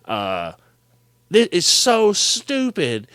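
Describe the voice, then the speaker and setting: A man co-hosting a podcast, recapping a movie in animated, swear-filled casual chat. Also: sits high, drawn-out words, smooth, dry recording. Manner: animated, swears freely, mimics characters.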